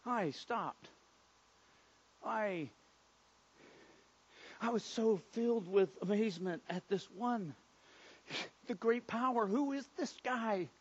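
A man playing a Samaritan leper in a first-person biblical monologue, earnest and dramatic, stammering over his words and swinging between hushed and loud. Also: very high voice, highs cut off.

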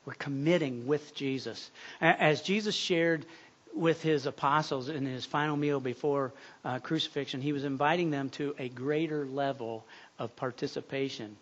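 A man preaching a sermon, telling a story earnestly and dropping to a hush at key points. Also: medium pitch, normal speed. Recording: muffled lo-fi sound.

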